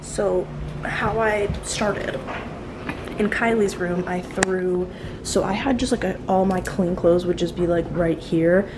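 A woman's voice: lowish voice, fairly even intonation, slow. A bubbly young woman chatting to her phone camera in a casual vlog. Her talk is loose and full of filler words. Noticeable noise sits under the recording. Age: young adult. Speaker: vlogger.

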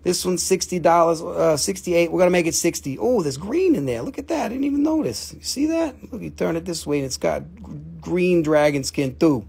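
A man's voice: a little high, expressive, a little fast, gravelly, darkish tone, breathy edge. A middle-aged man hosting a live stream, selling rocks with profane, joking, rambling talk.

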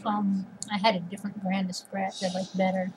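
A woman's voice: mid-range voice, level tone, normal speed. A woman vlogger chatting casually while she eats, rambling and sometimes talking with her mouth full. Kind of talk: casual eating vlog chat. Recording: noisy home recording.

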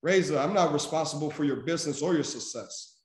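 A man's voice: fairly high pitch, brisk. A man giving a motivational speech to his sales team, emphatic and preachy. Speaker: senior vice president and sales mentor. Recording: echoey room.

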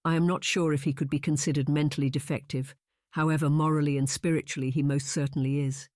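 A narrator voicing a composed, sharp-tongued young lady who speaks flat and measured. Read close and dry as an audiobook character. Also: medium pitch, no room sound, natural voice.

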